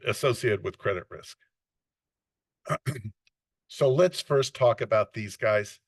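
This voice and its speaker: A man's voice: medium pitch, no room sound. A man giving an unscripted classroom lecture on finance, often restarting and correcting himself mid-sentence.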